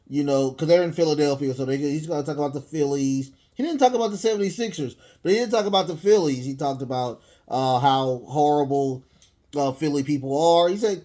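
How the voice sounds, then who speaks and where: A man's voice: fairly high pitch, moderate pace, mellow. A man casually reviewing a wrestling show in one take, rambling with lots of fillers and restarts. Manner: rambling, many fillers and restarts, chuckles at himself.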